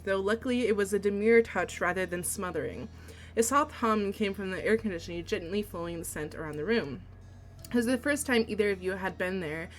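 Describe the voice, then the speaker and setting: Excitable woman streamer reading a game. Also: medium pitch, slight background noise. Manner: excitable and giggly, breaking into squealing reactions between read passages. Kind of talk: reading a visual novel aloud with live reactions.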